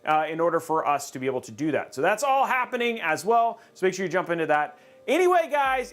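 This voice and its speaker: A man's voice: high voice, fairly bright tone. A man hosting a casual livestream, jokey and upbeat, rambling with plenty of fillers. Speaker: livestream host.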